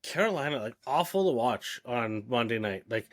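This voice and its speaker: A man talking casually on a sports podcast, listing his picks one after another. His voice sits at a middling pitch, and he fills the gaps with "uh" and "um" as he goes. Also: lively intonation, moderate pace. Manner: rattles off picks with fillers and hesitations. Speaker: podcast co-host.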